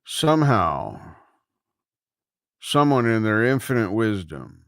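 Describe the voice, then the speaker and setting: A man's voice: lowish voice, very animated, takes it slowly, a bit bright, no room sound. A middle-aged man hosting a casual livestream from a room at home, rambling easily and thinking aloud. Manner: rambling, easygoing, thinks aloud with many restarts. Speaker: livestream host.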